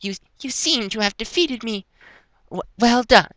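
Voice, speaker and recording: A man voicing a dazed young filly pony who speaks in a halting, groggy way. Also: extremely high pitch, animated, sharp tone, dry recording, voice pushed up, exaggerated voice.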